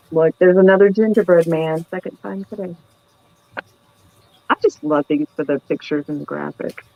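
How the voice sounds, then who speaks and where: A woman's voice: fairly low pitch, moderate pace, vocal fry, no room sound, highs cut off. A tired woman hosting a live antiques sale, chatting and giggling as she describes each item. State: tired from lack of sleep. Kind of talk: casual live-sale chat.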